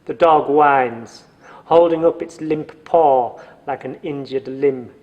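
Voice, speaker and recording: A man's voice: mid-range voice, takes it slowly, a little mellow, in a large hall, highs cut off. A man narrating a story from a script in a dry, wry manner.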